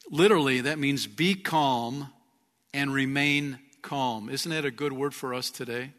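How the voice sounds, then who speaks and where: A man's voice: mid-range voice, unhurried, fairly bright tone. A man preaching a sermon as pastor, earnest, rising and falling in volume. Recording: long reverb of a large hall.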